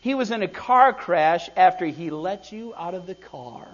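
A woman's voice: on the low side, lively intonation. A man voicing a grieving widow in her fifties. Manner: tearful, halting. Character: grieving middle-aged widow, sobbing. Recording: dull lo-fi recording.

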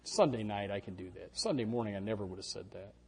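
A middle-aged man preaching a sermon, telling stories with sudden shouted quotes. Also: fairly low pitch, quick pace, background noise. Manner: animated storytelling with shouted quotes. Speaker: pastor.

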